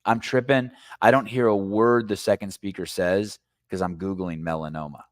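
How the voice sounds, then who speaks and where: Deep-voiced man telling a rambling story. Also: fairly even intonation, normal speed, no room sound, studio quality. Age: middle-aged. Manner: rambling storytelling, swears casually. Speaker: podcast host. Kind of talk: casual chat.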